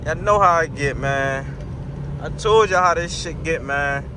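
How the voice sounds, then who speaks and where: This car vlogger is a young man with a fairly high, slightly slow voice, filmed by a camera mounted in his moving car. He chats casually to viewers in heavy slang, turning loud and excited as he speeds up, over faint road noise.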